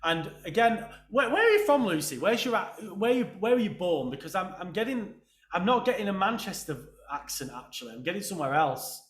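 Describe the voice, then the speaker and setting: A chatty English man hosts a casual interview chat with a slightly high voice. He jokes and goes off on tangents, and his voice rings in an echoey room. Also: very animated, brisk, fairly bright tone. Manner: chatty, jokey, rambling asides. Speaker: podcast host.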